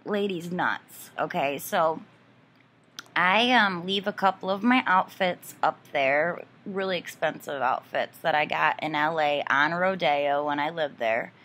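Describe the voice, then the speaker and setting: A woman's voice: sits low, measured pace, a bit bright. A woman vlogger ranting casually about a neighbor, profane, exasperated and rambling with many fillers.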